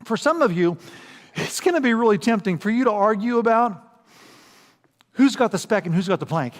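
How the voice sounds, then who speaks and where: A man preaching a sermon as pastor, animated and acting out quoted voices. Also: high-pitched, normal speed, pauses often. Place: large church hall. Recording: long hall reverb.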